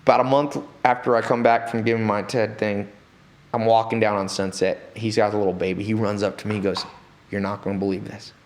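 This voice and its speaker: A man talking as an interview guest in a studio, telling stories in an animated way and acting out the people he quotes. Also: lowish voice, brisk. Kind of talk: storytelling interview talk.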